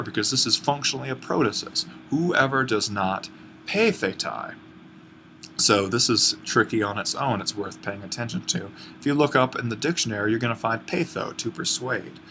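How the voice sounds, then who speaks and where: A man's voice: fairly low pitch, bright, forceful tone, slight background noise. A man teaching an online lesson on classical Greek grammar, explaining step by step and correcting himself as he goes. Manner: explains step by step, thinking aloud with fillers and self-corrections.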